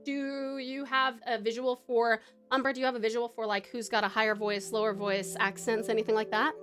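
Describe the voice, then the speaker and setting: A woman's voice: a little high, little pitch movement, brisk, fairly bright tone. A bubbly Australian woman chatting with her stream audience and reading stories, laughing often. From Tasmania, Australia. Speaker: streamer and story narrator. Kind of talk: live-stream chat and story reading. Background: background music.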